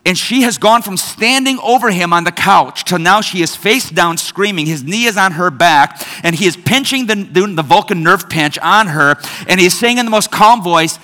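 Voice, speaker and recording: A middle-aged male pastor preaching a sermon in a church, telling family stories with lively animation. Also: sits high, normal speed, hardly any pauses. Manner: animated storytelling, acts out family voices. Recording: long hall reverb.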